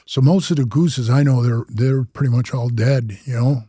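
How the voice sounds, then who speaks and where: In a dry, studio-quality recording, an older man from Wisconsin who once led a biker club tells long, slangy stories in a rambling, casual way, peppered with "bro" and "man." His mid-range voice is steady, mellow and slightly rough, at a moderate pace.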